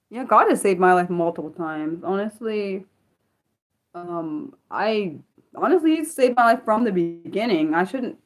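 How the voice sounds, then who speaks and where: Woman on a phone livestream, reading chat comments, says sorry a lot, lots of um and restarts. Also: on the low side. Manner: apologetic, rambling, many fillers and restarts. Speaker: livestream host.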